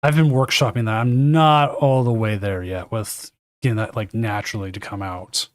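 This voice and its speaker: A man's voice: lowish voice, steady tone, moderate pace, no room sound. Chatty male tournament caster, dry sound. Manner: chatty and rambling, self-correcting. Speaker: tournament caster and stream host. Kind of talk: casual live game commentary. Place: home casting desk.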